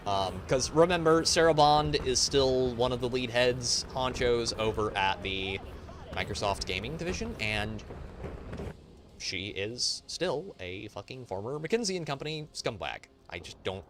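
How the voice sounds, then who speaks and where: A man's voice: medium pitch, lively intonation, measured pace, a bit bright. A man streaming a game, ranting and swearing in casual, profane commentary. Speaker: gaming streamer. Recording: noisy background.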